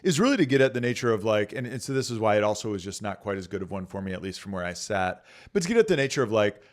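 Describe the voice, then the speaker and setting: A man's voice: lowish voice, big pitch swings, rapid-fire. A man, a pastor, talking casually and earnestly on a podcast, telling stories with many filler words.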